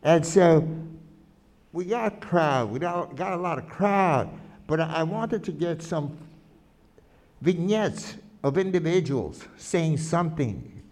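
A man's voice: fairly high pitch, slow pace. A man being interviewed about his documentary footage, talking animatedly with frequent restarts. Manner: animated, restarts often, quotes people he filmed. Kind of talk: conversational interview.

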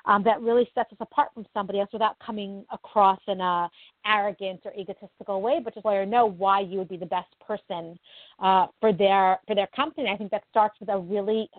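A woman's voice: medium pitch, fairly even intonation, fairly quick, dry recording. Modest woman guest on a phone line. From New Jersey. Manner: modest, earnest, advice-giving. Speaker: interview guest, nonprofit founder. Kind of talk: casual interview answers. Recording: dry, tinny phone-like line.

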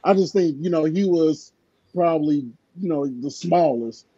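A man with a high yet very dark, mellow voice talks sports casually as a podcast co-host. He rambles through stories with lots of filler words. The sound is dry and a little dull, as if from a basic home mic. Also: moderate pace, slightly rough, no echo.

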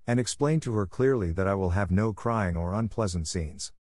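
A man's voice: on the low side, moderate pace, darkish tone, dry recording, studio quality, lightly acted. A man voicing a stern, cold middle-aged headmistress who talks down to a child. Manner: harsh, scolding.

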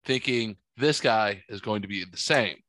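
Bright-voiced man telling stories. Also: fairly low pitch, normal speed, no echo. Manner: animated, swearing, acts out quotes. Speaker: podcast host. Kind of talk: casual storytelling chat. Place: podcast studio.

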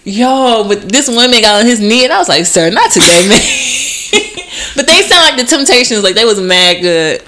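A blunt young woman joking her way through a casual chat. Her pitch sits a little high and swings widely as she talks. She swears freely. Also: animated, normal speed, background noise.

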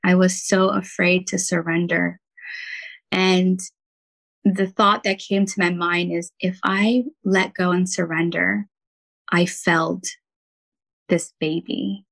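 A woman's voice: on the low side, little pitch movement, slow pace, vocal fry, pauses often, fairly bright tone, low-quality recording. A woman, a podcast guest who works as a nurse and healer, telling a personal story in an earnest, heartfelt way with many "um"s and "like"s.

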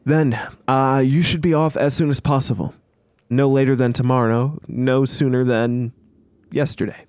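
A man's voice: medium pitch, fairly even intonation, moderate pace, darkish tone, clean tone, dry recording, studio quality, natural voice. A man voicing a stern, formal quest-giver. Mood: brisk.

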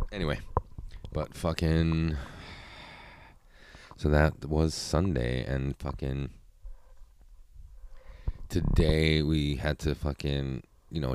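A man's voice: a bass voice, flat delivery, a little slow, darkish tone, smooth. A man hosting a solo podcast, rambling casually with constant profanity. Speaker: podcast host.

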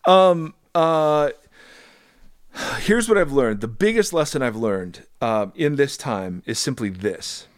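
Dry-sounding man, rambling animated storyteller. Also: medium pitch, slow, no room sound. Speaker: podcast co-host and public speaker. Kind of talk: casual conversational chat.

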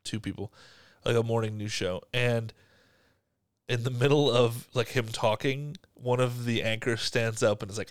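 Playful young man, smooth voice. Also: medium pitch, fairly even intonation, normal speed, dry recording, studio quality. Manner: playful, laughs easily, quotes in exaggerated voices. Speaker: podcast co-host. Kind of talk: casual chat.

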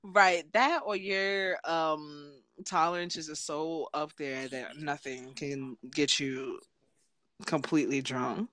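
A woman's voice: low voice, no room sound. A young woman co-hosting a casual podcast, talking animatedly and acting out characters' lines. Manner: animated, acts out characters' lines in quick voices. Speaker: podcast co-host. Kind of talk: casual chat.

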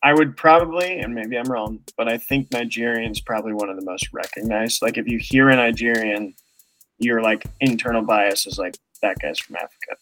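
A man's voice: medium pitch, steady tone, moderate pace, fairly bright tone, poor audio. Chatty, hedging male podcast co-host. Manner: chatty, hedging, laughs often. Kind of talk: casual podcast chat.

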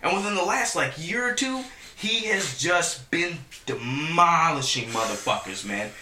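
A man in casual chat with friends, telling a story in an excitable, animated way with lots of swearing. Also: a little high, unhurried, reverberant, far from the mic, slight background noise.

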